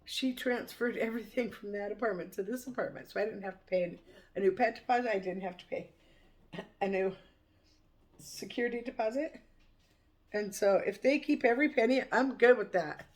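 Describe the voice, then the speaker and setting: A woman's voice: mid-range voice, a little fast, darkish tone. A woman vlogger chatting casually to camera over morning coffee, rambling and laughing often. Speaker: cooking vlogger.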